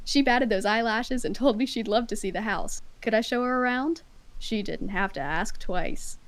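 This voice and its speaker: Here her voice is a little high and her speed normal, still picked up on headphones with low recording quality. Self-conscious and giggly, she mixes casual chat with reading a story aloud dramatically.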